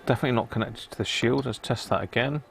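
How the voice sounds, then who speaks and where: A chatty man hosts a relaxed live stream from his electronics workbench. His voice sits at an ordinary pitch, and he talks to his viewers while muttering over the parts he tests. A faint noise hangs behind him. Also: fast, gravelly. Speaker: live-stream host repairing a vintage radio. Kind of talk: casual live-stream chat while working.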